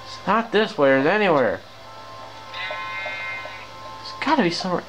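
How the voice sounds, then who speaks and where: A man's voice: high voice, lively intonation, normal speed. A man giving casual gameplay commentary as host, grumbling and breaking into exasperated exclamations. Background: game music playing clearly.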